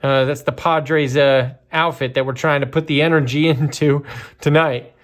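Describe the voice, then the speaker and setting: A man giving casual, chatty commentary while opening a box of trading cards, with lots of fillers and bursts of excitement. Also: on the high side, normal speed. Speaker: card breaker.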